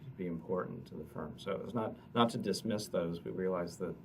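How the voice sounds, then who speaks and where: A man, an economist, explaining survey results at a press conference in a halting way, often repeating words. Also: deep voice, vocal fry. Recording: distant mic with noticeable noise.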